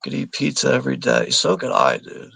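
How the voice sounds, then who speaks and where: Gravelly, bright-voiced swearing American man. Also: mid-range voice, big pitch swings, a little fast, no room sound. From United States. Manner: profane, laughing, rambling. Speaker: watch party host. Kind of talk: live movie commentary reading chat.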